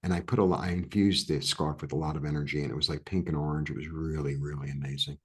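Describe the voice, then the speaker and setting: A man from New York, a guest in an interview, telling a story in a rambling, animated way with many restarts and fillers. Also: rumbling low, fast, slightly rough. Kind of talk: casual storytelling chat.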